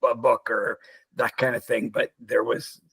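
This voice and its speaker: A man co-hosting a casual movie chat, retelling a story with lively acted-out quotes. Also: mid-range voice, a little slow, gravelly, breathy edge, no room sound. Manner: animated storyteller, acts out characters in quotes. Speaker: podcast co-host.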